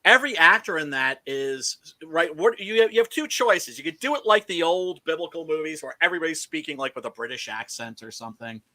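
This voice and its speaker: A man's voice: fairly high pitch, expressive, brisk, few pauses, sharp tone. A man hosting a casual film discussion, emphatic and swearing freely, often checking in with "right?". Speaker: podcast host.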